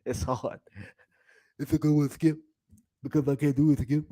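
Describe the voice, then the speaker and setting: A man's voice: on the high side, level tone, normal speed, mellow, voice pushed down, natural voice, low-quality recording. A man voicing a brash male sports pundit in a mock South African accent, playfully repeating a catchphrase. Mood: mock bravado.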